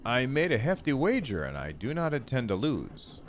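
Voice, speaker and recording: A man doing a cold, formal English gentleman. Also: mid-range voice, wildly swooping pitch, moderate pace, slight background noise, voice pushed up. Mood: composed. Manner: cold and clipped. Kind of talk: reading game dialogue aloud.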